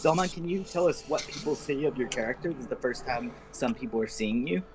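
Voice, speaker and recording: A man running an online tabletop game as game master, with a scratchy throat, halting and uneven in speed and volume. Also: medium pitch.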